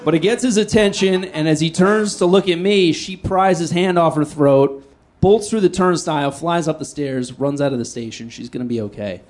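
Animated self-mocking male stand-up comic. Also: a little high, normal speed, a little hiss or hum. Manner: self-deprecating, animated, swings between loud outbursts and hushed asides. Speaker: stand-up comedian. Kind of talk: stand-up storytelling.

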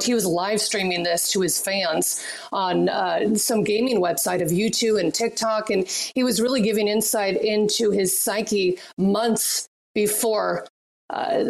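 A woman reporter speaks as a guest on a crime talk show. Her voice has a strong vocal fry and a gravelly edge. She explains in a measured, steady way. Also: mid-range voice, low-quality recording.

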